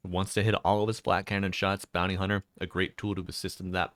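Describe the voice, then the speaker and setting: A man's voice: low voice, level tone, quick pace, a bit bright, dry recording. A man casting a game draft on a live stream, casual and chatty, thanking viewers between picks. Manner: chatty, laid-back, reads out chat names. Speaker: esports caster.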